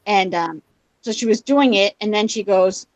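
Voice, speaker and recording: A woman's voice: medium pitch, moderate pace, dry recording, poor audio. A woman co-hosting a casual livestream chat, telling stories with a laugh and acting out quotes. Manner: chatty, laughing, acts out quotes in storytelling. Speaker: reseller livestream co-host. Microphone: livestream setup.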